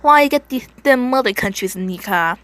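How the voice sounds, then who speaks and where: A woman voicing an eager young country boy in a read-aloud story, loud and higher-pitched with an attempted drawl. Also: lively intonation, brisk.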